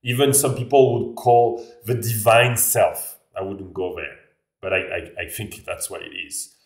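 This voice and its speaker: A man's voice: on the low side, fairly even intonation, a little slow. A man with a French accent, talking casually to camera in a rambling way, often restarting his sentences. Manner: rambling, restarts phrases, frequent "like". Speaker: vlogger. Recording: echoey room, voice a bit far off.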